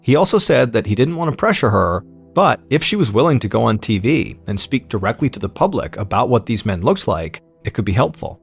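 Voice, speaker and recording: An American man in his thirties calmly narrating a true-crime story as podcast host, in a measured way. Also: mid-range voice, gravelly, slightly rough, faint music behind.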